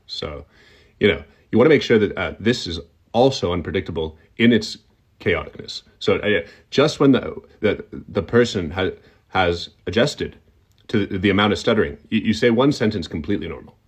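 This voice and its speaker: A man's voice: deep voice, lively intonation, normal speed, breathy edge. A young adult man giving a comic tutorial on doing an impression, instructional and breaking off to demonstrate.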